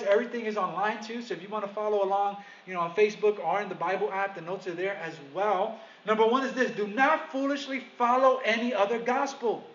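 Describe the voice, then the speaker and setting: High-voiced preacher in an echoey room. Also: male voice, fairly bright tone, lo-fi sound, a little hiss or hum. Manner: addresses listeners as "guys", asks them questions. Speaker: pastor. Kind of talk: conversational sermon.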